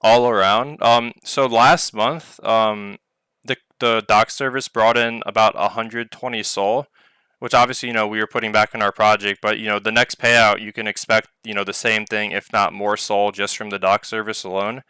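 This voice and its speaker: A man hosts a loose community Q&A over voice chat, drifting through his points with plenty of ums and uhs. His voice is bright and clean. The sound is dry and close, with no room around it. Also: lowish voice, level tone, moderate pace, clear, resonant tone, no room sound. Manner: rambling, heavy on filler words. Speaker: project owner hosting a community Q&A. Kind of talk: casual live voice-chat Q&A. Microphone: online voice chat mic.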